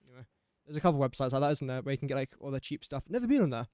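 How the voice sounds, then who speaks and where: This is casual livestream chat from a young English-accented man playing a building game, his mid-range, slightly mellow voice racing along in a sing-song way. He rambles, makes fun of himself, and chuckles often at his slips. No echo, clean studio sound.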